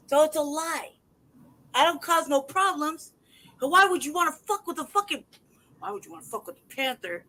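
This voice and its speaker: A man's voice: very high voice, low-quality recording. A man venting in an angry, profanity-heavy rant as a podcast host. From United States. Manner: angry, profane, loud outbursts. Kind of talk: heated casual rant.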